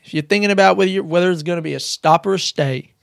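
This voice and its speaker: A man's voice: high-pitched, fast, gravelly, no room sound, studio quality. A man doing a drawling laid-back celebrity impression.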